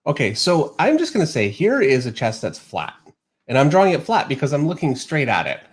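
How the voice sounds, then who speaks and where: A man's voice: on the high side, huge pitch swings, fairly quick. A middle-aged man hosting a casual livestream, laughing easily and explaining while he draws. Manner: easygoing, laughs often, explains while drawing. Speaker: host, artist. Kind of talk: casual livestream chat and drawing lesson.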